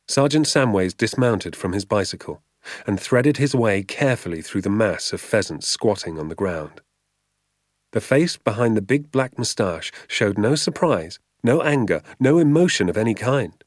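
A man narrating a children's novel aloud in a measured, expressive storytelling manner. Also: fairly low pitch, no echo, clean studio sound. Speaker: audiobook narrator. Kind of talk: storybook reading.

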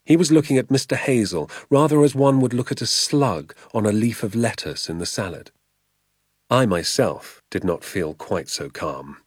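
A man with a fairly low voice reads a storybook aloud in a measured, expressive way. The sound is close and dry, with no room around it. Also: husky, dry recording. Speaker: audiobook narrator. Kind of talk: storybook narration.

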